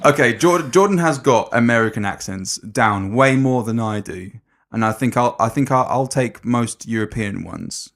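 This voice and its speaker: A man's voice: medium pitch, animated, moderate pace, creaky. A young man co-hosting a podcast in casual chat, swearing freely, laughing often and stumbling over his words. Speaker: podcast co-host.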